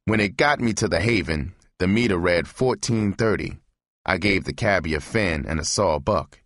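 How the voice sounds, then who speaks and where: A man narrating a novel as an audiobook reading, in a measured, steady way. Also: low voice, dry recording, clean studio sound.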